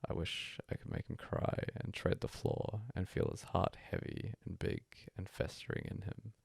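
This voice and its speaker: A man reading a bedtime story aloud as a hushed, breathy first-person monologue. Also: low-pitched, big pitch swings, moderate pace, no room sound, studio quality. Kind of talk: soft-spoken story reading.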